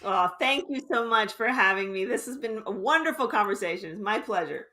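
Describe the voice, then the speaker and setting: A woman guest on a podcast explains her ideas earnestly and fluently. Her voice sits at a middle pitch for a woman. She speaks as a teacher sharing her views. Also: animated, a little fast, bright, forceful tone. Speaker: author and intuition teacher, guest. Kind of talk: interview conversation.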